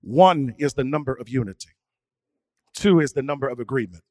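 A male preacher who swings from hushed, quiet asides to sung, shouted preaching. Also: mid-range voice, a little fast, dry recording. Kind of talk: sermon.

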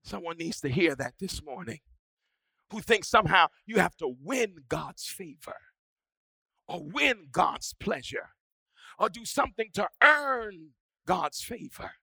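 A male pastor's sermon shifts from quiet teaching to shouted, rising preaching, then drops back to near-whispers. His high voice is gravelly and husky with big pitch swings and a slow pace, captured in a dry recording.

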